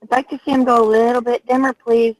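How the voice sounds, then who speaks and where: A woman on a ghost hunt, gently pleading with a spirit and calling it sweetheart. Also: fairly high pitch, flat delivery, fast talker, no room sound, low-quality recording. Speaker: ghost hunter.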